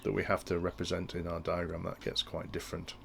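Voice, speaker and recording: Low-voiced man with gravelly tone. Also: completely flat delivery, fast, slight background noise. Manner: thinking aloud with frequent restarts. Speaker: instructor explaining industrial control. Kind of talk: technical tutorial walkthrough.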